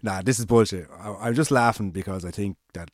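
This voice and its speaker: An Irish man spins a loose, meandering story in easy conversation, slipping into the voices of the people he quotes. His voice sits fairly low and comes across dry and close to the mic. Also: brisk, dry recording. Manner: rambling anecdote with quoted dialogue and swearing. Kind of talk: casual storytelling chat.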